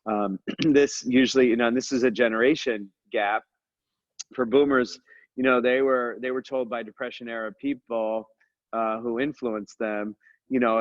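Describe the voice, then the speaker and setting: An energetic man hosts a casual podcast, talking fast and joking as he wanders off on tangents. His voice sits at a middle pitch and comes through a dry, close mic. The sound is a little dull, like compressed podcast audio. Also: dry recording. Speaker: dental practice business coach, podcast host.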